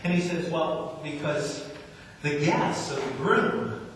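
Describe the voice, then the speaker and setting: A man's voice: a little high, slow pace, slight background noise. A man preaching a sermon, telling a story and repeating key phrases for emphasis. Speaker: pastor. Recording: echoey hall, mic from far off.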